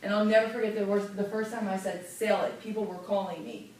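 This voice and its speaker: Lively woman radio host teaching, demonstrative, echoey distant classroom sound. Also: mid-range voice, fast, a little hiss or hum. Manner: lively, demonstrative, stresses clear enunciation. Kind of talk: classroom lesson. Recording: echoey room picked up from far.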